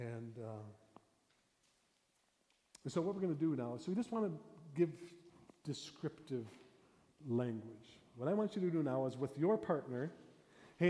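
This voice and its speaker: A man who is a pastor teaches a storytelling workshop, lively and playful, acting out storyteller voices and dropping to a hushed tone for suspense. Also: a little high. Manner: animated, acts out storytelling voices, drops to a whisper for suspense. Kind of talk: interactive workshop lesson. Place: church hall. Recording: echoey hall, long reverb.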